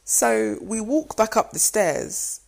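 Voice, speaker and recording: A young woman casually telling a personal story, lively and full of fillers, often jumping into a squealing high voice to act out what was said. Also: takes it slowly, gravelly. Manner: animated, many fillers, acts out quotes in a squealing high voice. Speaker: storyteller recounting her proposal.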